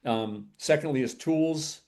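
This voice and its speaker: A middle-aged man, an entrepreneur being interviewed, telling his story in a lively conversational way and acting out the lines of people he quotes. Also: fairly high pitch, slow pace. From United States. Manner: animated, acts out quoted dialogue. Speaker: podcast guest, entrepreneur.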